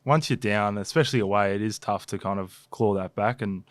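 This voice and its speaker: A man's voice: on the low side, brisk, dry recording. A young Australian man co-hosting a casual sports podcast, telling stories in a laid-back, rambling way. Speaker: podcast co-host and footballer. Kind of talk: casual chat.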